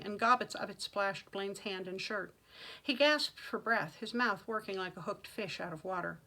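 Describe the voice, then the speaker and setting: Bright, dramatic woman reading fantasy aloud. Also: mid-range voice, poor audio. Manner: dramatic, expressive narration. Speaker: author reading her own novel. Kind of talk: audiobook-style fantasy reading.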